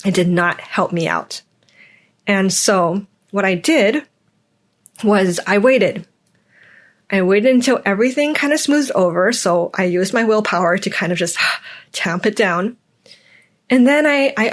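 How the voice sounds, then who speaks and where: A woman's voice: mid-range voice, animated, a little slow, long pauses. A young adult woman hosting a podcast, speaking candidly in a reflective personal monologue and acting out the voices in her stories. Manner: candid, acts out quoted voices. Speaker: podcast host.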